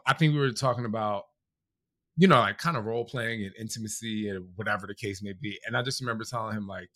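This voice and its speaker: A man's voice: fairly low pitch, bright, forceful tone, no room sound. A man in his thirties talking with his husband in casual, heartfelt chat, full of "like" fillers. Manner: heartfelt, many "like" fillers, voice cracking with emotion. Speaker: podcast co-host, married to the other speaker.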